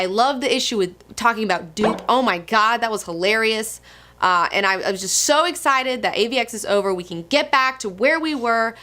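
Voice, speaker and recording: A young woman giving casual comic book commentary in a gushing, excitable manner with frequent swearing. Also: a little high.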